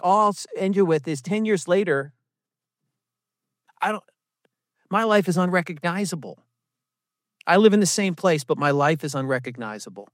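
A man sharing his recovery testimony at a meeting, telling it as an animated story with self-mocking asides and quick impressions of other people. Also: medium pitch, no echo, clean studio sound. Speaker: recovery program speaker. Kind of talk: personal testimony talk.

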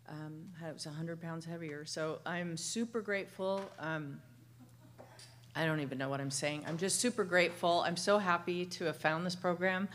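A woman in her fifties sharing her story at a recovery meeting, emotional and halting, with many fillers and restarts. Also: lowish voice. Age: 50s. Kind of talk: personal share at a recovery meeting. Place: meeting room.

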